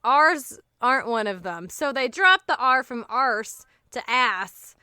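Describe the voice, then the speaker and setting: Bright-voiced joking woman podcast host. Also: on the high side, lively intonation, slow, clean tone, no room sound, studio quality. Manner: playful, jokey, laughs often, swears freely. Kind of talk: casual comedic podcast chat.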